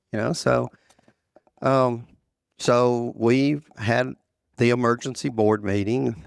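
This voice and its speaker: A man's voice: mid-range voice, gravelly, no room sound, clean studio sound. An older man, a former association president, telling a long story in an interview, often repeating phrases and quoting others. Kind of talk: storytelling in conversation.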